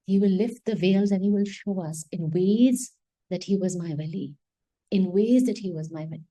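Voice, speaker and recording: A woman's voice: medium pitch, moderate pace, mellow, rough recording. Impassioned woman giving a Quran reflection. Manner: impassioned, switches between English and Hindi. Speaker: Islamic teacher.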